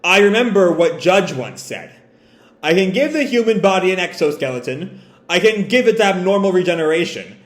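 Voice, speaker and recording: A man's voice: sits high, expressive, moderate pace, pitched above the performer's own voice. A man voicing a cruel, gloating male pirate villain with a taunting manner, read aloud from a comic. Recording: roomy echo.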